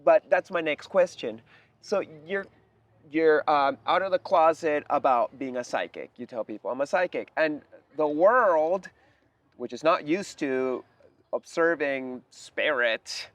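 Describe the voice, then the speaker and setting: A man's voice: fairly high pitch, unhurried, dry recording. A man hosting a podcast, asking questions in a rambling way and thinking aloud as he goes. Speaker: podcast host. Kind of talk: conversational interview.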